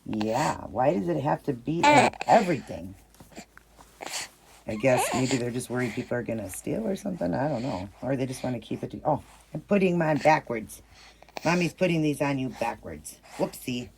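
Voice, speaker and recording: A woman's voice: very deep voice, sing-song, normal speed, vocal fry, noisy background. A middle-aged woman vlogging casually, cooing in baby talk and chatting to viewers. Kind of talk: casual show-and-tell vlog.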